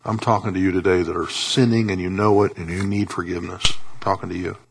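Male pastor, low husky voice, impassioned sermon with hushed drops. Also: fairly even intonation, fast talker. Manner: impassioned preaching with sudden soft drops and pleading repetition.

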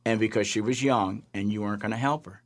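A calm, authoritative God speaks in a low, hushed and measured voice, as a man telling his story puts him on. The words come steady and unhurried. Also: natural voice.

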